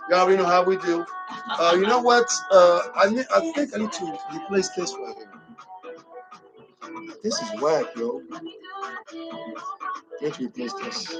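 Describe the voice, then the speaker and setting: Chatty radio host over music. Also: male voice, high voice, poor audio. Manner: loose, chatty, talking to the live audience. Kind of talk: live-streamed radio talk. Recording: music playing under the voice.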